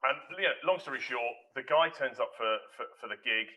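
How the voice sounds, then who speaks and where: A man telling a rambling, animated anecdote in a casual chat and acting out the voices of the people in it. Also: mid-range voice, fairly quick, muffled recording. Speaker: hospitality manager guest.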